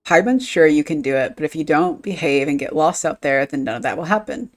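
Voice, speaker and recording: A woman's voice: low-pitched, animated, fairly quick. A woman reading as a chatty little companion. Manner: reading game dialogue aloud.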